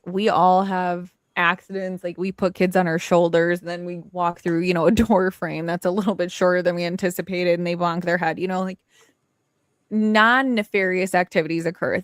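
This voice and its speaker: A woman's voice: lowish voice, dry recording, clean studio sound. A woman co-hosting a casual livestream, talking in a chatty way with lots of fillers and reading out the chat. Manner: chatty, filler-heavy, reads chat aloud. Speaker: livestream co-host.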